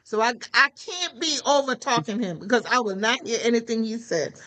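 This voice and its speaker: High-pitched, bright-voiced preaching woman. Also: a little fast, poor audio. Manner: lively exhortation, rhetorical questions. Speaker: minister. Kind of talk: preaching to a prayer call.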